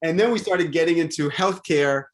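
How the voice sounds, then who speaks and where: A man in casual conversation, rambling and animated, with many restarts and fillers. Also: on the high side, moderate pace.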